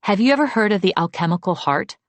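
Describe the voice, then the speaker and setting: A woman's voice: mid-range voice, animated, fast talker, no echo, pitched above the performer's own voice, close to an everyday voice. A woman reading an audiobook, voicing an anxious young woman who speaks urgently and pleads. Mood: puzzled.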